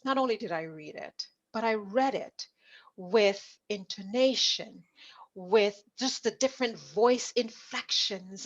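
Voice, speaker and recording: A middle-aged woman from Jamaica, a leadership coach, telling stories from her life as an interview guest and acting out remembered dialogue. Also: on the high side. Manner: animated storyteller, acts out remembered dialogue. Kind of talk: conversational storytelling interview. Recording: dull lo-fi audio.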